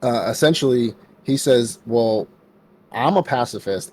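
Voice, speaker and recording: A man with a fairly low voice co-hosts a casual podcast, retelling an anime episode in a loose, rambling way. He slips into quick voices for the characters and fills his talk with "like". A faint hiss sits under the recording. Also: a little mellow. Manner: rambling storyteller, acts out characters' lines, lots of "like". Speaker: podcast co-host. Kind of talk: casual anime recap chat.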